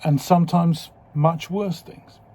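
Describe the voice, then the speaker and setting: A man in his fifties speaking candidly and slowly in a personal video diary, swearing freely as he reflects. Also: a little high, steady tone, dark tone. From England. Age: 50s. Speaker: video diarist.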